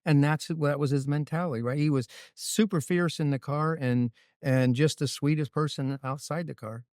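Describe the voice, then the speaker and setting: A man's voice: a little high, normal speed, smooth, dry recording, clean studio sound. A man, a racing crew chief, telling stories as a guest in a casual interview, often restarting and checking in with "right?". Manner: animated storyteller with frequent restarts and "right?".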